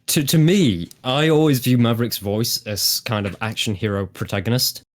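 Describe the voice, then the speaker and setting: Man, English accent, mid pitch, chatty, casual podcast talk. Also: moderate pace. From England. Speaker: podcast cast member.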